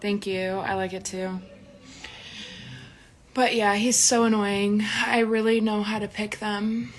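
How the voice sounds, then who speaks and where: A woman chatting on a livestream from her home. She is sarcastic and swears freely, and her voice sits at a middle pitch for a woman. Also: level tone, takes it slowly. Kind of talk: casual livestream chat.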